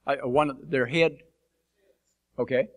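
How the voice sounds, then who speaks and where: Plain-spoken male preacher from the United States, mid-pitched and blunt, swapping folksy mission-field stories before a congregation. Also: fairly even intonation, unhurried. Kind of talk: folksy storytelling talk to a church congregation. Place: church sanctuary.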